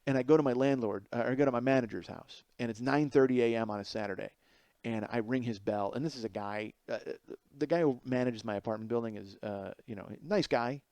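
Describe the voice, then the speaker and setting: Animated, profane man telling a story alone. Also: mid-range voice, quick pace, no room sound. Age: 40s. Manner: animated, profane, self-mocking, swinging from loud to mumbled. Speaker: podcast host. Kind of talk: solo comedic storytelling.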